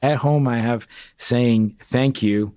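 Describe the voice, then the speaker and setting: A middle-aged man telling stories as an interview guest, lively and acting out the voices of the people in them. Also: medium pitch, takes it slowly, clear, resonant tone, no room sound, studio quality. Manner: animated, acts out quoted dialogue. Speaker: guest, retired senior enlisted leader. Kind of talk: casual interview storytelling.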